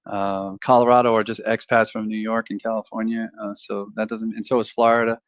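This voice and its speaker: A man's voice: lowish voice, little pitch movement, dry recording, muffled recording. A man hosting a podcast interview, talking casually and joking around. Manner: casual, joking, quick to laugh. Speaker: podcast host.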